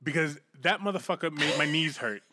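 Podcast co-host, man, rambling and profane, higher-pitched voice. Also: brisk, sharp tone. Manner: does mocking voices when quoting. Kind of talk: casual chat.

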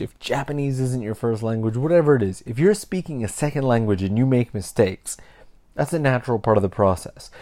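A man's voice: medium pitch, mellow. A Canadian man hosting a casual solo podcast, talking candidly and reflectively and often correcting himself mid-sentence. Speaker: podcast host.

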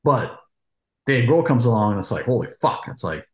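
A man co-hosting a casual interview, musician, telling stories in a relaxed, rambling way. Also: mid-range voice, moderate pace, roomy sound. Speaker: co-host, musician.

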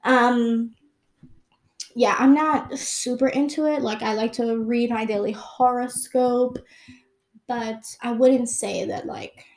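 A young woman with a slightly high voice, chatting casually to her camera as she works through a list of questions. She rambles freely, leaning on "like" and "um" as she goes. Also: steady tone, slow pace. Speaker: vlogger. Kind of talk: casual chat answering questions.

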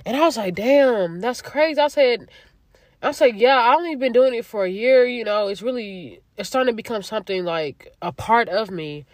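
A young adult podcast host in their twenties telling a story in a casual, profane and animated way. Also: medium pitch, fairly quick, no room sound, clean studio sound. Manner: chatty, profane, animated retelling.

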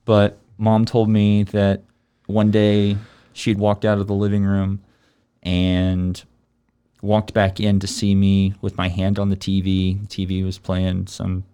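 Smooth-voiced man in his thirties hosting. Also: low voice, slow pace. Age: 30s. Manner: relaxed, rambling with many ums. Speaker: podcast host. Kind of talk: casual faith chat.

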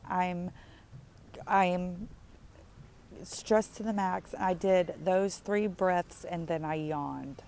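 A woman hosting her own podcast, talking anxiously and haltingly with many pauses and fillers, her throat tight with stress, recorded outdoors. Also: lowish voice, creaky, dark tone, slight background noise. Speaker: podcast host. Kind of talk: personal podcast monologue. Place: outdoors in the sun.

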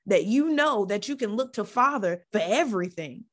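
A woman's voice: medium pitch, lively intonation, normal speed. A woman hosting a faith podcast, preaching with fervor, repeating phrases and restarting lines as her feeling builds. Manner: fervent, repeats phrases, stumbles over restarts. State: getting emotional. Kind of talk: impassioned Christian teaching.

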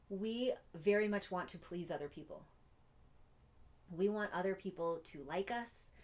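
A woman giving an earnest teaching talk, pausing often to check in with her listeners. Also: on the low side, darkish tone. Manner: earnest, keeps checking in with "Okay?". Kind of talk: teaching monologue.

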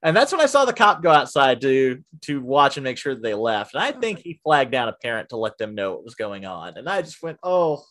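A man chatting casually and telling a story from his job at a theater. His voice swings from loud bursts to hushed, muttered asides as he quotes himself. His pitch sits in a middle range. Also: fairly quick, few pauses. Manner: animated, drops to hushed asides when quoting himself.

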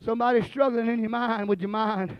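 A male preacher, telling a story in a sermon and building from low storytelling to shouted, drawn-out, repeated lines. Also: fairly even intonation, clean tone, dry recording, muffled recording.

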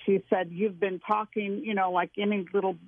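A woman guest telling a personal story with emotion and expressive storytelling, heard over a phone-like line. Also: mid-range voice, normal speed, dry recording.

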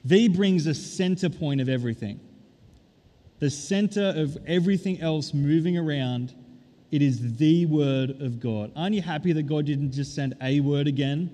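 A man preaching a sermon as pastor, stressing key words and drawing them out slowly. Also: on the high side, dark tone. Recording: long reverb of a large hall.

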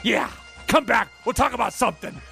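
A man doing a shouting wrestler trash-talker. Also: extremely high pitch, fairly quick, vocal fry, soft background music, full character voice. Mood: taunting. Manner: shouting, taunting.

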